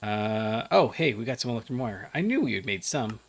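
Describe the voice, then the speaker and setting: Groggy after a nap, a gaming channel host rambles through casual Let's Play commentary, thinking aloud with plenty of fillers. His voice is fairly low, sing-song, and brisk.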